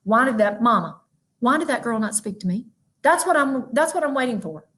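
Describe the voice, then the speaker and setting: A woman giving a lively, emphatic motivational keynote, talking straight to her audience. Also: fairly high pitch, fairly quick. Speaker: motivational speaker. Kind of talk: virtual keynote talk.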